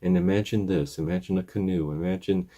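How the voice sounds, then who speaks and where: A man voicing a calm little bug guide who speaks in a hushed, instructive way. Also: low-pitched, fairly quick. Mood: soothing.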